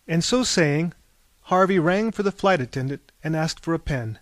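A man reading a story aloud in a measured, lyrical way. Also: on the high side, animated, no echo. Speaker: narrator.

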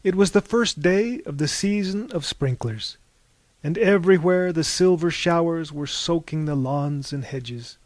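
A man narrating an audiobook in a slow, measured and expressive way. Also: fairly high pitch, dry recording.

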